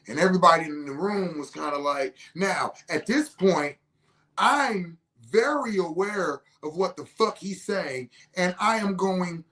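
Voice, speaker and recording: A middle-aged woman hosting a podcast, telling a story in a loose, animated, profane way and acting out what others said. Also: unhurried. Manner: animated and profane, acting out other people's lines with big pitch jumps. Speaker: podcast host. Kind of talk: casual storytelling.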